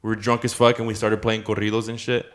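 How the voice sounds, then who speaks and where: Fast-talking young man, slangy. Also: fairly low pitch, flat delivery. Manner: swearing, slangy, addresses listeners as bro. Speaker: podcast co-host. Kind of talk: casual storytelling chat.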